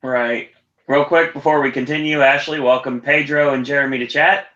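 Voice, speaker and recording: A man's voice: medium pitch, fairly even intonation, normal speed, sharp tone, roomy sound, muffled recording. A man co-hosting a podcast, chiming in with short agreeing remarks. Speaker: podcast co-host. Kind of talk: casual chat.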